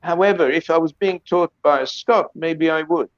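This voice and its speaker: A man's voice: on the high side, moderate pace, no echo. A man speaking emphatically on an academic video-call panel, often repeating words as he reworks a thought. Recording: dry, slightly dull lo-fi audio.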